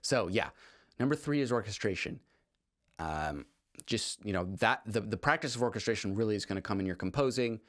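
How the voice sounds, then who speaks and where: A man with a fairly low voice talks through a music lesson in a loose, rambling way, circling back and restarting his sentences. He sounds enthusiastic about the subject. The sound is dry and close, with no room echo. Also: lively intonation, a little fast, a bit bright. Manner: rambling, with frequent restarts and fillers. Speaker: composer teaching on a video channel. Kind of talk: casual spoken lesson.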